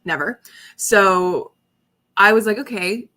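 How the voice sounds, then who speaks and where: A woman's voice: mid-range voice, animated, moderate pace, a bit bright. A young woman hosting a casual livestream from her apartment, chatty and giggly as she talks to her viewers. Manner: chatty and giggly, talking to chat. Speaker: livestream host.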